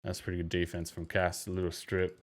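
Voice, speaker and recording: A young man hosting a podcast, casually breaking down basketball footage, animated and given to exclamations. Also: low-pitched, fairly quick. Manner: animated, bursts into loud mimicry and exclamations. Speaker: podcast host.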